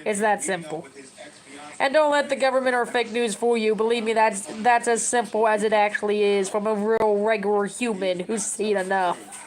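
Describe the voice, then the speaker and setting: A woman's voice: mid-range voice, fairly even intonation, moderate pace, rough recording. A woman in her thirties chats to her camera in a loose, rambling way. She hands out advice to her viewers, trips over her words and starts over, and sounds close to tears. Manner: chatty, advice-giving, rambling with restarts. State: tearful. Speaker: vlogger. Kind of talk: casual rambling talk to camera.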